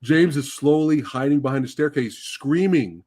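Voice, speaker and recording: A man hosting a casual movie review chat, gushing and excitable, swearing freely. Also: medium pitch, normal speed, over a noisy crowd. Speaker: podcast host.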